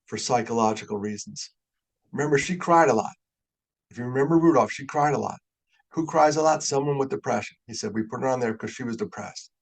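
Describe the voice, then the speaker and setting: Older male keynote speaker, gravelly voice, animated storyteller. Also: medium pitch. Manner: animated, gets fired up. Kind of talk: storytelling talk. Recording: webinar audio.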